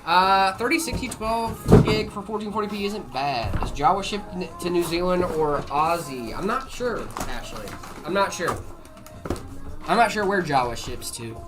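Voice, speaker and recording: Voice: medium pitch, expressive, moderate pace, music in the background. A livestream host who chats casually while answering viewer questions about PC hardware, loose and filler-heavy, reading chat aloud.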